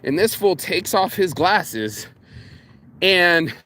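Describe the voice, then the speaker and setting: A man rambles through a morning vlog with a slightly high voice, swearing freely as he tells his stories. He acts out other people's lines as he goes. Light outdoor noise sits under his voice. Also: takes it slowly. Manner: profane, animated storytelling with quoted voices. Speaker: vlogger. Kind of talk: casual rambling vlog rant.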